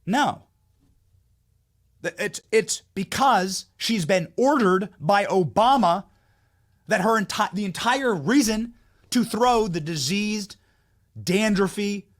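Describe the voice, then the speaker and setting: A man's voice: high voice, expressive, slow pace, pauses often. Heated, mocking male commentary host. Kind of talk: opinionated commentary monologue.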